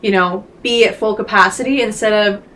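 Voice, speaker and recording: A woman's voice: medium pitch, fairly even intonation, brisk, fairly bright tone. Earnest woman in casual podcast chat. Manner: earnest, frequent "like" and "you know". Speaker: podcast co-speaker. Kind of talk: casual heartfelt conversation.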